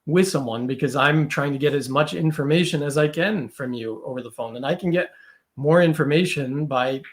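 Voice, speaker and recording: A man talking as a podcast guest, chatty, with lots of fillers and quick asides. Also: a little high. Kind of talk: casual conversation.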